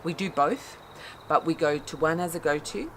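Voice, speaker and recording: A woman's voice: sits low, moderate pace, a little hiss or hum, rough recording. A woman, a therapist giving a casual, blunt explanatory talk that acts out the outbursts she describes. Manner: animated, acts out quoted outbursts, blunt with mild swearing.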